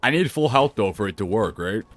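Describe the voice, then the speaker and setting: A man live-streaming a video game, animated, laughing and chatting with his viewers. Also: lowish voice, a little fast. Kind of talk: live gameplay commentary.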